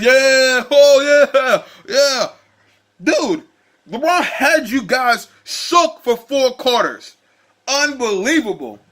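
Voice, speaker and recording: A man vlogging a heated, animated rant about a basketball game. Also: high-pitched. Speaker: sports vlogger. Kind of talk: casual sports rant.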